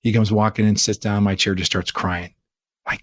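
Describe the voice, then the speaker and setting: A man from the Bay Area of California, an interview guest telling a personal story in an earnest, animated way and posing rhetorical questions. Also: on the low side, a little fast, no room sound. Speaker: interview guest, church leader. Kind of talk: conversational storytelling.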